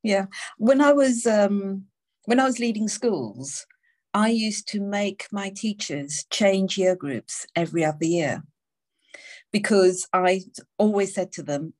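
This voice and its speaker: A woman's voice: mid-range voice, takes it slowly, a little mellow. Encouraging woman podcast host. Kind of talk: casual podcast interview.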